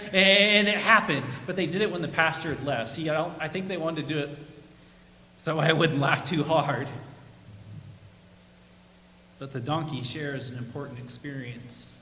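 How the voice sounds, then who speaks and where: A man's voice: fairly high pitch, moderate pace, sharp tone. A male pastor giving a chatty sermon with humorous stories, laughing at his own jokes, in a church. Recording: echoey church hall.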